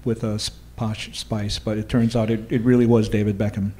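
A man's voice: fairly low pitch, little pitch movement, a little fast, a crowd in the background. A man with a Hawaiian accent who tells ghost-tour stories in a laid-back, dry-humored way during a casual chat recorded live in a bar. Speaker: ghost tour guide and storyteller.

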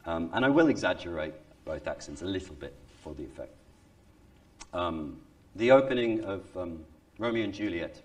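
A man, an actor, speaks in a low voice with an easy, animated manner. He laughs often. The mic sits at some distance from him. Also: normal speed. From Wales. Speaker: Shakespearean actor. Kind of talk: recorded talk on accents.

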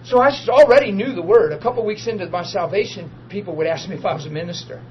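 A middle-aged man preaching a sermon built on personal testimony, animated, acting out the people in his stories and laughing easily. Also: high-pitched, quick pace. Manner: animated storyteller, acts out dialogue, laughs easily. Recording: dull lo-fi archive recording with steady noise.

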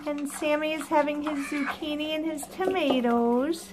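A woman filming her pets at home for a casual vlog, cooing at them in high sing-song baby talk. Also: fairly even intonation, moderate pace, few pauses, heavy background noise. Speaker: pet owner filming her animals. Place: home with caged birds and pets. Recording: loud bird squawks and clicks behind. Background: birds squawking.

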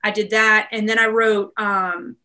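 In a casual interview, a woman in her thirties from Maryland describes her work heading a real estate team, sounding upbeat, laughing a lot and dropping fillers. Her mid-range voice has a sharp tone, a flat delivery and a measured pace.

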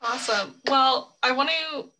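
A woman's voice: sits high, measured pace, sharp tone. A woman hosting and moderating a webinar over a video call, friendly and upbeat. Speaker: session host.

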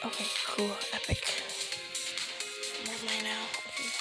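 A woman's voice: fairly high pitch, completely flat delivery, a little slow, loud music behind the voice. A woman commenting as she plays a horror game, jumpy and gasping, often whispering under her breath. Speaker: gamer playing a horror game. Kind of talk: let's play commentary.

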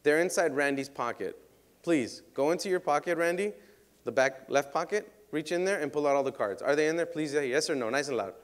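A man performing card tricks for an outdoor crowd, joking and teasing volunteers, now and then shouting to hype them up. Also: fairly high pitch, brisk, a little hiss or hum. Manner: playful, teasing, bursts into loud hype. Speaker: street magician.

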